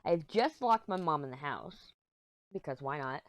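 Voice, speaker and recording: A woman's voice: sits low, lively intonation, moderate pace, no echo. A middle-aged woman vlogger chatting casually while she crafts, telling a rambling story and giggling often. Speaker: diamond painting vlogger.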